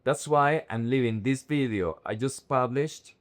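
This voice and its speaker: A young man teaching vocabulary, saying words slowly and carefully and repeating them in drills. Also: medium pitch. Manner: slow, careful word-by-word drilling. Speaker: Spanish teacher. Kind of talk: vocabulary lesson to camera.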